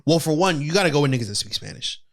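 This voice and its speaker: A man's voice: on the high side, expressive, gravelly. A man co-hosting a podcast in casual banter, asking questions and filling his talk with "like". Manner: quick, conversational, asks questions and hedges with "like". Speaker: podcast co-host.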